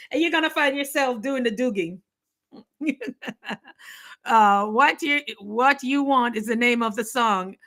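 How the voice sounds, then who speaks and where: A middle-aged woman from the Caribbean chatting casually on a live stream, laughing often and talking with lively energy. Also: sits high, unhurried. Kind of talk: casual chat.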